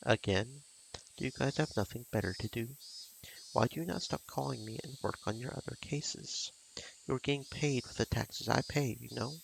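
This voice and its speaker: A man's voice: medium pitch, normal speed, noisy background. A man voicing a menacing, hot-tempered male guardian who snaps at callers. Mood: hostile. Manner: gruff, impatient, snapping. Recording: game music behind.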